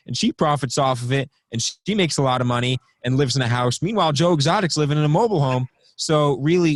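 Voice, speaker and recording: A man's voice: mid-range voice, no room sound. Casual young guy reading off his notes, lots of ums, pretty dry mic. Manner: rambling, reads from notes with many ums. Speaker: podcast co-host. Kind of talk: casual podcast chat.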